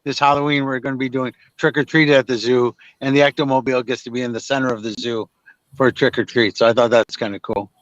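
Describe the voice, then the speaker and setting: A man's voice: mid-range voice, flat delivery, fast, no room sound. An older man, a psychic medium guest, telling stories in a chatty, self-mocking way with many restarts, talking from his car on a video call. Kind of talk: casual storytelling interview. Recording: dry, dull lo-fi sound.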